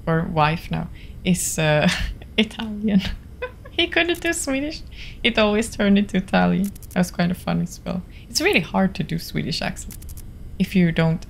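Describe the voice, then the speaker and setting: A woman's voice: fairly low pitch, gravelly, a little hiss or hum. A young woman from Finland with a Finnish accent, chatting through a horror game stream, jumpy and often dropping to a whisper. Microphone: desktop studio mic.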